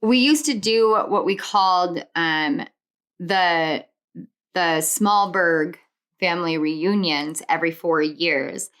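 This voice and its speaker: A tarot reader does a spiritual pick-a-card reading, her voice fairly low, her pace slow and her tone fairly bright. She sounds earnest and reassuring, piling affirmations into rhythmic lists and wandering off into personal tangents.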